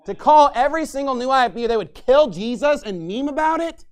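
A man with a high-pitched voice preaches a fiery, combative sermon from his own pulpit. His delivery swings into angry, mocking outbursts, with shouting at times. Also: expressive, a little fast. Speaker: pastor.

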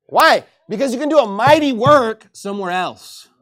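Preacher from Texas, a man with a high voice, lively, jokey, emphatic delivery. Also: moderate pace. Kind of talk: sermon.

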